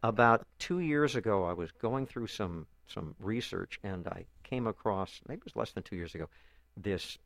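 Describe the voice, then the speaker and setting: Halting low-voiced man telling a story. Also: lively intonation, creaky, fairly bright tone, no echo. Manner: halting, many repeated words and restarts. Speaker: author and guest. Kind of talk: conversational storytelling interview.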